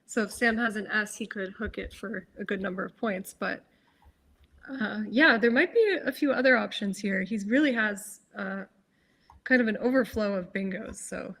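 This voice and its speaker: A woman giving live game commentary, explaining moves in a measured, analytical way with hesitant fillers. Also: mid-range voice, gravelly, fairly bright tone. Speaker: tournament commentator.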